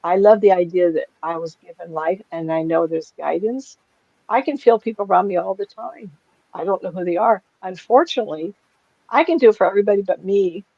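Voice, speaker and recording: A woman's voice: mid-range voice, brisk, no echo. A woman in her sixties, a psychic medium, talking casually to a small group in a rambling, chatty way that is full of laughs. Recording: dull, lo-fi and dry.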